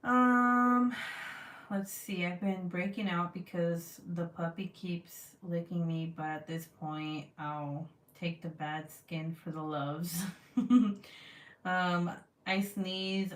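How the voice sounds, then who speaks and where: A woman's voice: on the low side, slow. Casual woman vlogger, rambling chatty delivery, a little off-mic in a roomy space. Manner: chatty, lots of fillers, animated when quoting others. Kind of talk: casual chat to camera. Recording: echoey room, voice a bit far from mic.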